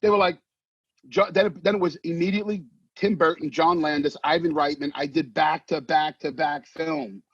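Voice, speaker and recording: Casting: husky, higher-pitched New man, brash animated raconteur, dry dull recording. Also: moderate pace, dry recording. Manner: animated, swearing, acts out voices in anecdotes. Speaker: actor guest. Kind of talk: casual storytelling interview. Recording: dull muffled sound, dry.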